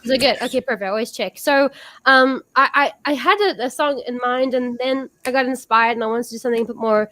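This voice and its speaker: A woman's voice: fairly high pitch, fast talker, sharp tone, dry recording. A woman hosting a casual online music show, gushing and restarting her sentences as she chats. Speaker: host. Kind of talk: casual chat and live singing.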